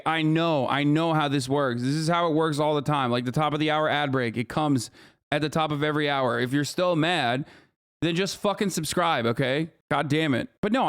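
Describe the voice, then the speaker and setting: A man's voice: fairly high pitch, clean tone, no room sound, clean studio sound. A man streaming reactions to news clips, ranting in a casual, profane, sarcastic way. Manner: profane, sarcastic, animated rants.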